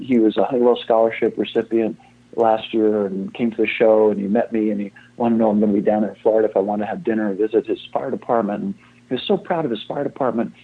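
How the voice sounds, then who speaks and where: Older man, fire chief guest, husky voice, rambling and self-deprecating, tinny phone-line sound. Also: on the low side. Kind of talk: casual interview talk.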